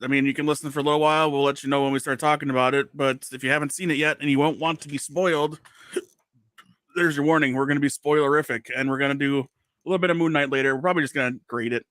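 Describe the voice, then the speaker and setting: A man hosting a casual podcast, joking and teasing his co-host with quick asides. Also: medium pitch, fairly even intonation, fairly bright tone, dry recording, studio quality.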